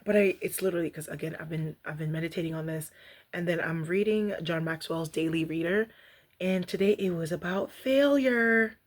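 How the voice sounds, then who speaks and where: A young woman vlogging casually about rejection, chatty and animated, laughing often and reading aloud. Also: fairly low pitch, moderate pace, slight background noise. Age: young adult. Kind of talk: casual reflective vlog.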